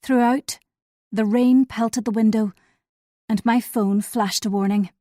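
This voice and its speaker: A woman reading a thriller audiobook in the first person, in a measured, steady way. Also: a little high, no room sound, clean studio sound. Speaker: audiobook narrator.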